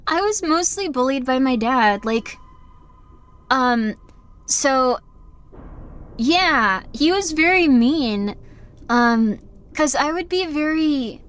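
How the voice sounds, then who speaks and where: A woman's voice: on the high side, expressive, measured pace, a little hiss or hum. Rambling, candid young woman streamer. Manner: rambling, candid, apologetic, many "like" fillers. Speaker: streamer playing a game. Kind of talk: casual live-stream chat.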